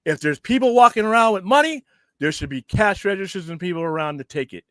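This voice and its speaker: Casting: male host, high voice, heated profane rant, dry close sound. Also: fast, no room sound. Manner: heated, profane, animated ranting. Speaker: podcast host. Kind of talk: casual ranting chat.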